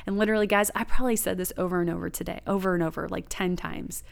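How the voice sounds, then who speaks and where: A woman's voice: medium pitch, brisk, creaky, smooth. A woman sharing a personal faith testimony and practical teaching in an earnest, emphatic way. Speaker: Christian speaker.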